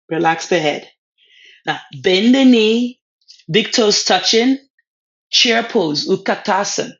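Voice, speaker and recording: A woman leading a yoga class, giving short calm cues for poses and breathing with a word of encouragement now and then. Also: medium pitch, slow, pauses often. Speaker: yoga instructor. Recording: slightly dull lo-fi sound.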